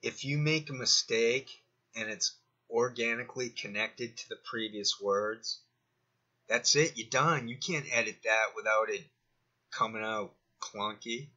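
A man's voice: mid-range voice, a little slow, bright, forceful tone, breathy edge, highs cut off. A man hosting a commentary channel, digressing as he talks himself through his points in a rambling monologue.

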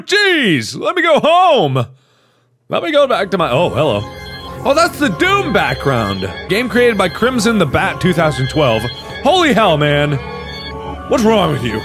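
A man giving jokey, excitable commentary while playing a horror game, often yelping. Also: high voice. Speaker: gaming commentator. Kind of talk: let's play commentary. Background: game music.

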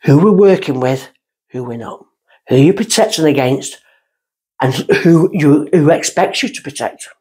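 A middle-aged woman with a slightly husky voice talks as a guest on a podcast. She tells her stories in an animated, casual way and slips into little voices for the people in them. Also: low voice, unhurried. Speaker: guest medium. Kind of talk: casual storytelling chat.

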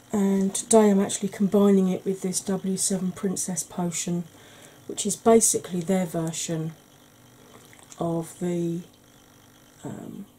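A beauty channel host talks through an ASMR makeup tutorial close to the mic in a soft, mellow, mid-range voice, tired from lack of sleep. The audio is poor, with a little hiss or hum. She chats and rambles with dry, self-mocking, wry humour.

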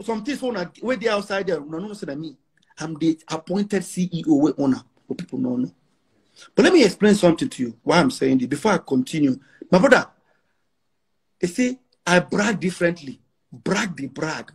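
A man's voice: high voice, expressive, fairly quick, breathy edge. A man around forty with a Nigerian Pidgin English accent, a musician talking brashly and emphatically in a casual interview, repeating lines for effect. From Nigeria, Igbo. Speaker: musician guest.

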